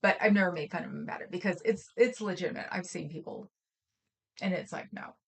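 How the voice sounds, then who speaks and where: A woman from Oakland, California, co-hosts a livestream, chatting casually and ramblingly with lots of stories and fillers. Her voice is lowish, fast, and creaky with a breathy edge, and she trails off with fillers.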